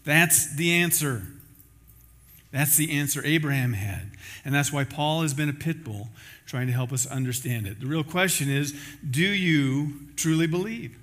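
A man preaching as a pastor, telling a story with lively acted-out quotes before closing in prayer. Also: fairly high pitch, a little slow. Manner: storytelling, acting out quoted voices; ends in a spoken prayer. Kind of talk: sermon.

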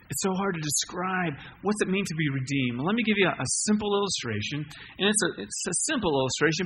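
A man preaching a sermon in an emphatic way, rising to loud peaks then dropping quiet. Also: high voice, a little hiss or hum.

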